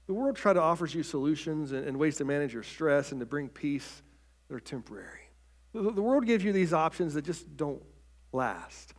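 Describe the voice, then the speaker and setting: With a fairly high pitch, lively intonation and a normal pace, a man delivers an earnest sermon. Key points get a soft, quiet voice, and he often repeats words when starting a phrase.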